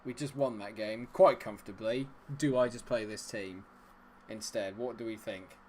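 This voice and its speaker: A young adult man hosting a live gameplay stream, chatting with viewers and cheering loudly at the game. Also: lowish voice, fairly even intonation, moderate pace, slight background noise. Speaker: gaming livestream host. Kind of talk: live gameplay commentary and chat reading.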